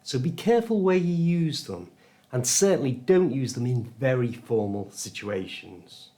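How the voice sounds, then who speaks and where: A man's voice: medium pitch, animated, measured pace, dark tone. A man with a British accent teaching English pronunciation in a scripted lesson, stressing each sound with care. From United Kingdom. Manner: careful, clear pronunciation coaching.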